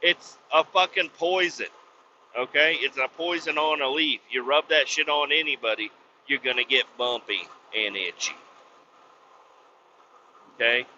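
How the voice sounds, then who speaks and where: A man hosting a podcast, ranting bluntly with lots of swearing and sudden loud outbursts. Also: mid-range voice, measured pace, pauses often, a little hiss or hum. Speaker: podcast host. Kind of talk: profane comic rant. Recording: slightly dull lo-fi recording.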